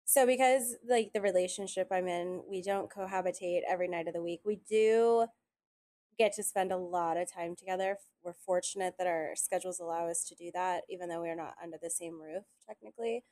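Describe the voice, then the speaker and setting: A woman chatting casually on a podcast, telling animated stories and quoting people often. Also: on the low side, a little fast. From Italian heritage. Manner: animated storyteller, quotes others often. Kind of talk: casual chat.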